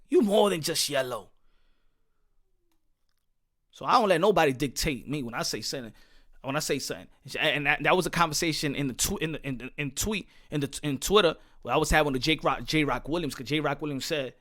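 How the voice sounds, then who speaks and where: Heated, fast-ranting American man. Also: fairly high pitch, a bit bright. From United States. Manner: heated, profane, repetitive, rhetorical questions. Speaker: boxing channel host. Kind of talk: ranting commentary monologue.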